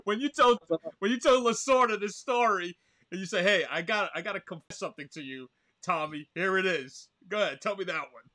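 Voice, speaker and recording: Host guy with a bright, fairly high voice, pushing the guest to tell the story, bit far from the mic. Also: a little fast. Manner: eager, prompting the guest for a story. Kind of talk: interview questions.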